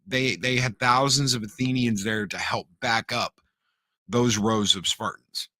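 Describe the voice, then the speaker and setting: A man co-hosting a casual podcast chat, an animated storyteller who repeats words and acts out quotes. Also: mid-range voice, unhurried, no echo, studio quality. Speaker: podcast co-host.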